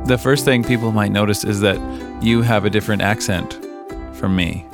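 A middle-aged man with a Canadian accent, hosting a casual podcast interview in a relaxed, chatty way. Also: fairly low pitch, normal speed, creaky, loud music behind the voice. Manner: relaxed, chatty, with frequent ums and laughs. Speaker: podcast host.

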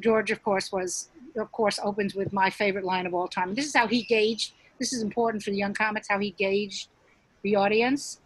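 Husky-voiced woman comic telling stories. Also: medium pitch, steady tone, a little fast, no echo, poor audio. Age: middle-aged. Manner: chatty, many restarts, acts out quotes. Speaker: stand-up comedian, interview guest. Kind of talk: casual interview storytelling.

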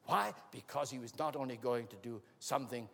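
A man preaching a sermon in an auditorium, telling a story dramatically, acting out the voices and building to shouts. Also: medium pitch, fairly quick, vocal fry. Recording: long hall reverb.

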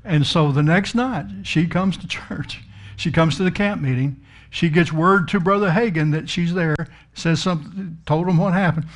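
Emphatic preacher man with a raised pitch. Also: moderate pace. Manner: folksy, emphatic, swells up on key words. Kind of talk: storytelling sermon.

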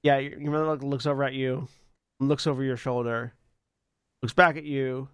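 A man narrating a tabletop game as dungeon master, casual and halting with many fillers. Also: medium pitch, fairly even intonation, a bit bright, smooth, no echo, studio quality.

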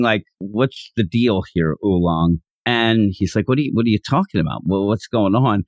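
A man's voice: mid-range voice, dry recording. A man co-hosting a podcast, chatting casually as he recaps a comic and acts out the characters' lines. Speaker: podcast co-host.

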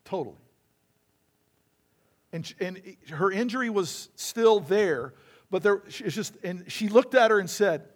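A man's voice: high voice, expressive, measured pace, long pauses. A male pastor preaching a sermon, telling stories and acting out the people in them. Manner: storytelling preacher acting out quoted voices.

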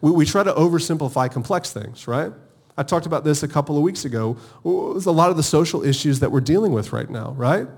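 A man's voice: fairly high pitch, a little fast, husky. A married man preaching a sermon with energy, calling on his congregation to answer back. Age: adult, married. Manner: energetic, calls for audience responses. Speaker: pastor.

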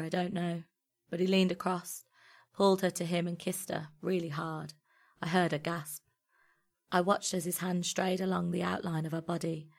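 A woman narrating a first-person story in a measured, intimate way. Her voice sits a little low for a woman, and she reads it out like a recorded storybook. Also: creaky.

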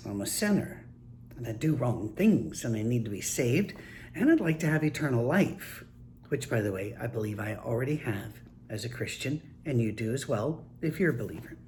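An older man, a grandfather, telling casual anecdotes in a relaxed, folksy, wry way. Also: mid-range voice, a little hiss or hum. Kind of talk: casual storytelling monologue.

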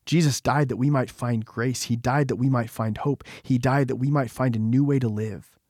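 A man reads a devotional in a solemn, measured way, letting key phrases slow and settle. His voice sits at an ordinary middle pitch. The recording is dry and close, with no room echo. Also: steady tone, a little mellow. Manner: solemn, measured, slowing for emphasis. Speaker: devotional reader. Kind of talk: scripted devotional narration.

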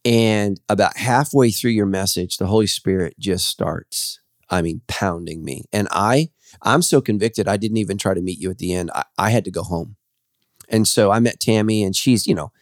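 Loud, lively male pastor host. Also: fairly low pitch, dry recording, clean studio sound. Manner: loud, lively storyteller, quick laughs. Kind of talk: casual podcast chat. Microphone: studio podcast microphone.

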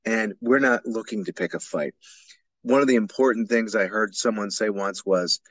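A man's voice: fairly low pitch, normal speed, fairly bright tone, no echo. A man hosting a solo podcast for educators, explaining ideas in an earnest, emphatic way. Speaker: podcast host.

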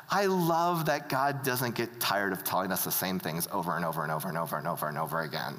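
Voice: medium pitch, normal speed, a bit bright. A preacher giving a casual, conversational sermon, often turning to the audience with questions. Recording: long hall reverb.

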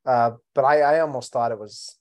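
A man with an everyday, mid-range voice co-hosts a podcast about films. He chats in a relaxed way and adds little stories as he talks. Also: medium pitch, normal speed. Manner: relaxed, chatty, adds anecdotes. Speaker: podcast co-host. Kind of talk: casual film discussion.

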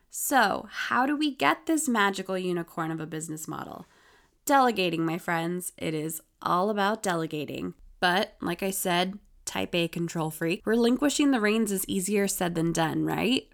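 A woman hosting her own podcast, chatty and self-deprecating, with a slightly hoarse voice and vocal fry. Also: mid-range voice. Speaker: podcast host. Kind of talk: casual solo podcast talk.

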